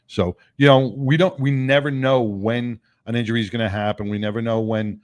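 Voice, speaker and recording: A man's voice: mid-range voice, steady tone, brisk. Rambling male radio host. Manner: rambling with many fillers and restarts. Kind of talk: casual on-air banter.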